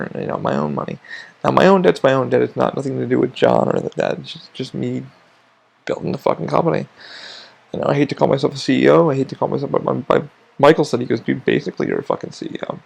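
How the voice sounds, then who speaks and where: A man's voice: mid-range voice, creaky, a little mellow. A man hosting a podcast, rambling casually with heavy swearing and lots of restarts. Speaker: podcast host.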